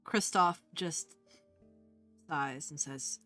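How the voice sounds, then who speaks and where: A woman narrating as game master of a tabletop game, soft and hesitant, with many fillers. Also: low voice, takes it slowly, soft background music.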